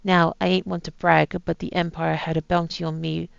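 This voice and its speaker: A woman voicing a dying, boastful old male pirate captain in a put-on rough pirate accent, reading his journal aloud. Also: lowish voice, little pitch movement, moderate pace, dry recording, dull audio.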